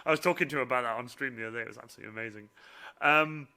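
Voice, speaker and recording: A man hosting a casual live-stream Q&A, excitable and laughing often as he acts out quoted voices. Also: medium pitch, rapid-fire, clear, resonant tone.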